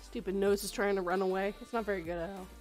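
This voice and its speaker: A woman's voice: medium pitch, steady tone, fast, a little mellow, faint music behind. A woman hosting a casual chat stream, giggly and teasing, laughing often. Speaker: stream host.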